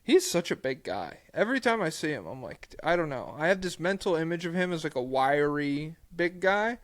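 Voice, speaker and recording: A man's voice: fairly high pitch, big pitch swings, normal speed, dry recording. A man co-hosting a casual sports podcast, laughing often and slipping into mocking voices. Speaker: podcast co-host.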